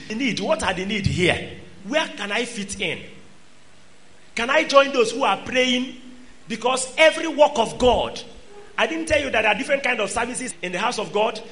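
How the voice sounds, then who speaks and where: A man preaching a sermon, swinging between loud exhortation and quiet asides. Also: very high-pitched.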